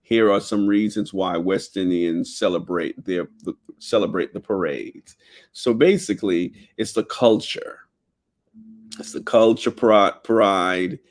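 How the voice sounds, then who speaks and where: A man with a Jamaican accent and a fairly low voice reads through his notes as the host of a casual talk show. He keeps dropping into relaxed, chatty asides between the headings. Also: unhurried. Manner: reads headings aloud, drifts into loose asides. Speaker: podcast host.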